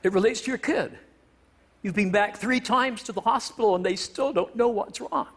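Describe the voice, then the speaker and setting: A man's voice: high-pitched, moderate pace, a bit bright. A man from Canada, a professor, giving a humorous stage talk in a wry, self-deprecating way with playful word choice. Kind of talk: humorous public lecture.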